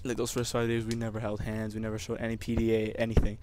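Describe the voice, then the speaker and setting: A man's voice: fairly low pitch, completely flat delivery, quick pace, noisy background. A young man telling a personal story over gameplay commentary, emotional and rambling, with many restarts. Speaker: gamer.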